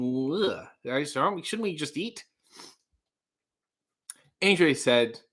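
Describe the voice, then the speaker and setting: A man hosting a casual comedy livestream, reading viewer comments aloud with excitable, rambling asides. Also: on the high side, takes it slowly, long pauses.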